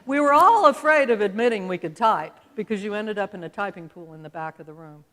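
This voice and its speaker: Her voice mid-range and fairly bright, a woman in her seventies from Utah talks briskly with lively intonation from a large auditorium stage. The talk is folksy storytelling, conversational and self-deprecating, and the room's long reverb is audible throughout.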